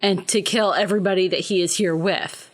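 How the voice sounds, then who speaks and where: A woman's voice: medium pitch, steady tone, a little fast. A woman in a podcast conversation, steadily drawing parallels between film scenes. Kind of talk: casual film discussion.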